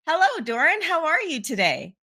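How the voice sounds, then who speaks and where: Female podcast host, high and animated, cheerful welcoming delivery. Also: normal speed. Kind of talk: podcast conversation.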